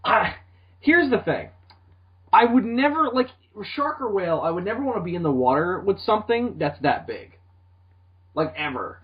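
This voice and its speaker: Lively young man rambling, lo-fi audio. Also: sits high, normal speed. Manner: rambling, laughs often, lots of fillers. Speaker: podcast co-host. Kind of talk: casual comedic chat. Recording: lo-fi podcast audio.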